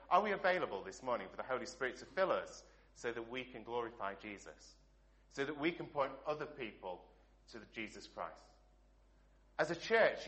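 A middle-aged man from England delivers a sermon with a bright, forward tone. He preaches earnestly, posing one rhetorical question after another, and lets the ends of his phrases fall soft. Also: medium pitch. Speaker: pastor.

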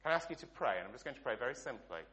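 Bright-voiced English pastor preaching. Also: male voice, medium pitch, lively intonation, racing. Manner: earnest preaching with rhetorical questions and dropping endings. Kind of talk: sermon.

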